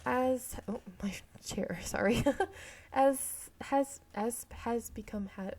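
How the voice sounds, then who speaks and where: A woman with a slightly high, slow, somewhat mellow voice reads a romance visual novel aloud as a game streamer. She often stumbles on the narration, corrects herself, laughs at her own slips, and adds chatty asides.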